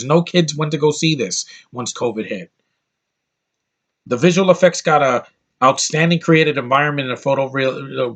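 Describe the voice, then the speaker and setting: A man's voice: on the high side, a bit bright. A man giving an exasperated, blunt movie review rant, swearing freely and often repeating himself as he talks.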